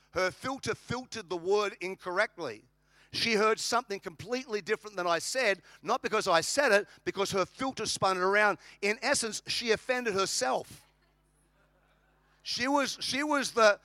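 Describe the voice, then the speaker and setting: Aussie pastor guy preaching, high bright voice, dry close sound, jokey and punchy. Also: no echo. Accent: Australian. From Australia. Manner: humorous, emphatic preaching with repetition. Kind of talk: sermon.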